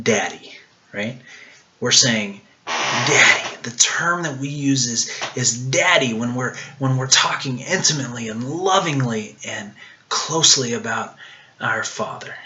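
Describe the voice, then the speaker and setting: A man's voice: mid-range voice, bright, forceful tone. A man giving a casual devotional talk, earnest and searching, with many ums and restarts, dropping almost to a whisper on intimate words.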